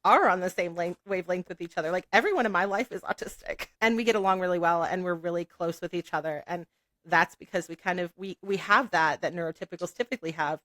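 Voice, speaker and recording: A woman's voice: fairly low pitch, quick pace, no room sound. A woman guest in a casual podcast interview, telling stories with frequent laughs and fillers. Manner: giggly, animated storytelling with many "like" fillers.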